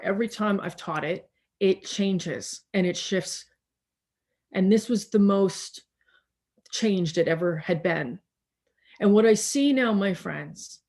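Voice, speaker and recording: A woman minister preaching slowly and reflectively over a video call, pausing and restarting often, tired as she speaks. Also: on the low side, a little mellow. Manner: slow, reflective, with many restarts and pauses.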